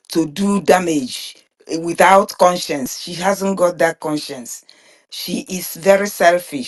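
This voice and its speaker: A woman, speaking earnestly in an online group discussion, often stumbling and repeating words. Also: lowish voice. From Nigeria (Biafran region). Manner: halting, repeats and restarts words; earnest, emphatic. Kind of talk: impassioned spoken commentary.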